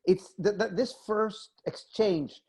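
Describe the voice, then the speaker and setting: A theater director hosting a panel over a video call, talking in a halting way with many fillers and restarts. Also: male voice, sits high, a little mellow, breathy edge. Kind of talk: casual video-call chat.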